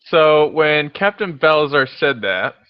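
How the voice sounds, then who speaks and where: A man playing in a tabletop game, unhurried and laughing at himself. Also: a little high, expressive, clear, resonant tone, muffled recording. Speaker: player. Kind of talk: casual tabletop play.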